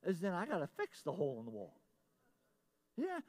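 A middle-aged man preaching a sermon as pastor, moving between loud emphatic lines and quiet confiding asides, repeating his key phrases. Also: high voice, huge pitch swings, fairly quick, pauses often.

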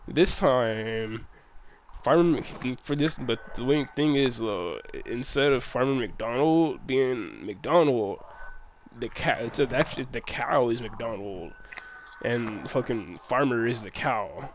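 Gravelly man telling a rambling story. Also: medium pitch, expressive, takes it slowly, slight background noise, poor audio. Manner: rambling, profane storytelling, acts out dialogue. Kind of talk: casual chat. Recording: crowd chatter behind.

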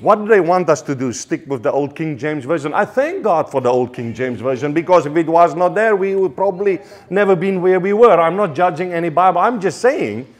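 Male preacher, South African accent, fervent and halting, slightly high voice. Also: animated. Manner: passionate, repetitive, with stammered restarts. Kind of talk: sermon.

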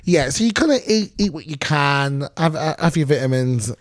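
A man's voice: on the high side, animated, moderate pace, no room sound, clean studio sound. A man with a London accent telling crude, funny stories in a chatty, giggly way as a guest. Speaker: drag performer guest. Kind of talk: casual chat.

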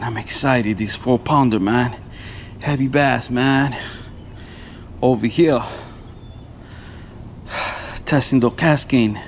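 A man vlogging while fishing outdoors on a lapel mic, talking casually and excitably, with "man" and "bro" in every sentence. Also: mid-range voice, a little hiss or hum. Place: outdoors by the water.

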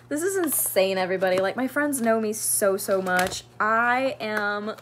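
A woman's voice: a little high, expressive, unhurried, few pauses, a bit bright, slight background noise. A woman in her twenties talking through gifts in a casual vlog, gushing and gasping, saying "like" and "oh my gosh" a lot. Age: 20s. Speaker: vlogger.

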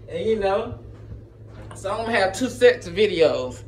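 A man's voice: high-pitched, fairly quick, bright, forceful tone, a little hiss or hum. A man chatting casually to his channel, rambling in slang and laughing often as he jumps between topics, recorded on a phone. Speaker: gaming YouTuber. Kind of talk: casual vlog chat.

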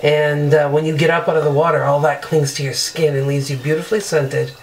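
A woman's voice: low-pitched, flat delivery, a little fast, darkish tone, poor audio. A woman beauty vlogger chatting casually through a product demo in her bathroom, upbeat and loose with fillers.

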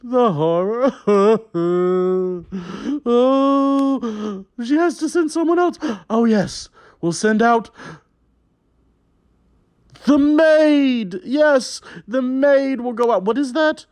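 Speaking at an extremely high pitch and very slowly, this man tells a children's story with exaggerated gasps and mock horror, playing up the melodrama. His tone is clear and resonant. A balloon artist and kids' entertainer, he stays animated and jokey, speaking right to the young audience.

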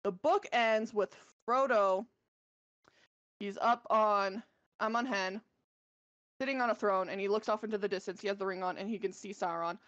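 A woman's voice: mid-range voice, moderate pace, pauses often, a bit bright, dry recording, dull audio. A woman co-hosting a podcast, casually retelling a book's plot with many fillers and self-corrections. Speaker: podcast co-host.

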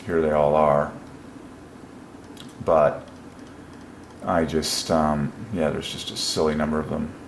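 A man hosting a casual solo video, musing aloud and breaking into excited exclamations. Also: extremely low pitch, slow pace, vocal fry, pauses often. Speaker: religious video host. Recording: echoey room with faint noise.

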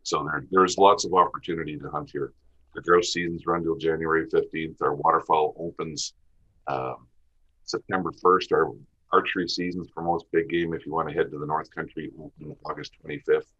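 A man's voice: a bass voice, fairly even intonation, moderate pace, pushed and bright, breathy edge. A man from Western Canada with a Canadian accent, a podcast guest talking about hunting in a plainspoken way. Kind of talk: casual interview talk. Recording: dull lo-fi audio.

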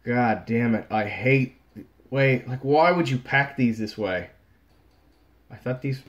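A man's voice: medium pitch, slow pace, pauses often, muffled recording. Exasperated young man opening card packs. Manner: frustrated, swings between muttering and outbursts. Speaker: card pack opener. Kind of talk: casual pack-opening vlog.

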